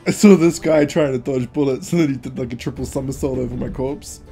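A man chatting with friends while playing an online shooter. He shouts and swears when things go wrong. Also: medium pitch, fast, soft background music. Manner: excitable, swears loudly, shouts when killed. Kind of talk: casual gaming chat.

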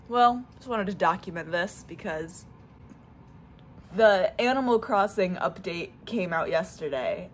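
A young woman talking casually to her camera at home, rambling with lots of fillers. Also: fairly low pitch. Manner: chatty, rambling, many fillers. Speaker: vlogger. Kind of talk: casual vlog chat. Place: home, on the stairs.

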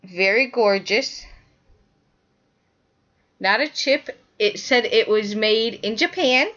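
A woman's voice: on the high side, slow pace, sharp tone, highs cut off. A woman hosting a knitting podcast, chatting casually and rambling as she shows her work to the camera, often correcting herself mid-sentence.

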